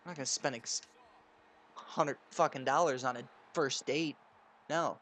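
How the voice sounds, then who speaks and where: Young guy ranting and cussing while gaming, mid pitched voice, bit of background hiss. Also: unhurried, a bit bright. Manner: crude, profane, ranting. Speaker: gaming channel host. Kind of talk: casual storytelling over gameplay.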